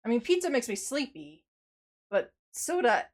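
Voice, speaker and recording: In a fairly high, sing-song voice at normal speed, a woman chats on her live stream after a workout. She's tired and out of breath, rambling, sighing often and putting herself down.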